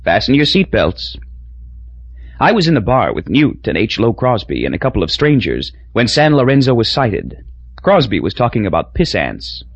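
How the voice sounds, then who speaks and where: Husky male audiobook narrator. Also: mid-range voice, very animated, normal speed, no room sound. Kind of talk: scripted narration. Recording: dull lo-fi recording.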